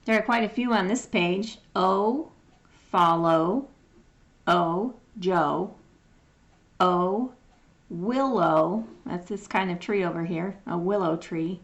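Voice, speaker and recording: Woman, phonics teacher, very slow pace, gravelly edge, patient sounding out of words. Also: fairly low pitch. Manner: patient, drawn-out word-by-word sounding out. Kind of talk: slow phonics lesson reading.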